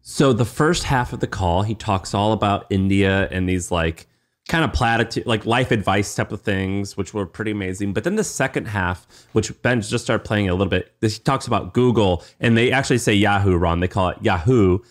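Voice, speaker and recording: A man co-hosting a podcast in loose, casual chat. He retells things with mounting excitement and keeps tripping over restarts as his thoughts race ahead. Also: on the low side, moderate pace. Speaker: podcast co-host.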